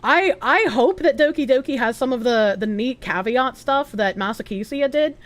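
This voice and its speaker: A woman's voice: high-pitched, animated, normal speed. A woman streamer chatting casually, answering viewer chat aloud and swearing freely.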